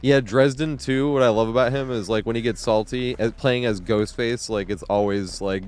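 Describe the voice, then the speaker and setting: A man's voice: medium pitch, fairly even intonation, normal speed, few pauses, a little mellow. A man streaming live gameplay, rambling in casual commentary, swearing and laughing often. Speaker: game streamer.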